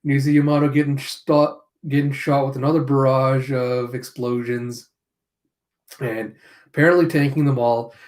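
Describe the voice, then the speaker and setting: Narrating a comic chapter's panels in a casual read-through, a man makes off-hand, sardonic asides and briefly imitates the characters. As a manga reviewer, he speaks at a medium pitch in a level, darkish tone.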